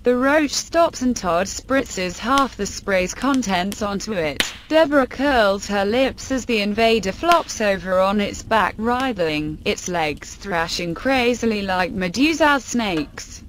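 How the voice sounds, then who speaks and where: Woman reading a story out loud, really slow and steady, noisy hiss behind her. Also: mid-range voice. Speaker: story narrator. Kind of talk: scripted narration.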